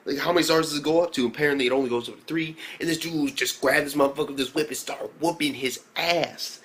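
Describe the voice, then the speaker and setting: A man reviewing an anime episode in a casual vlog, slangy and profane, talking with excitable energy. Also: a little high, fast talker.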